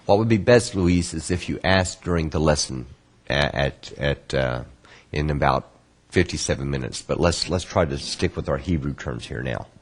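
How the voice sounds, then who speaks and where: Man, very low voice, husky, patient lesson delivery, repeats key terms slowly. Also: lively intonation. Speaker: Kabbalah course instructor. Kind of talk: online lesson answering student questions.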